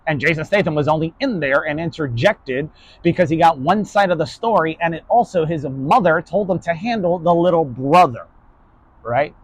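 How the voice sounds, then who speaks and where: A man's voice: a little high, expressive, normal speed, no echo. A man from New York giving a casual, blunt lecture to his online class, swearing freely and ending nearly every point with "right?". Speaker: online philosophy class host.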